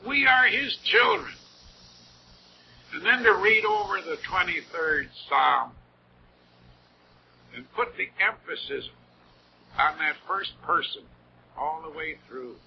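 A man's voice: on the high side, lively intonation, slow, vocal fry, pauses often. A man preaching a sermon in an earnest, heartfelt way, with rising emphasis on key words. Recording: dull lo-fi old recording with faint noise.

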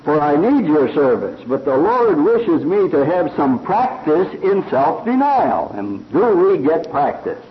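A man preaching a sermon slowly and earnestly, retelling a fable with quoted voices. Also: a little high, very animated. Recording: dull lo-fi recording.

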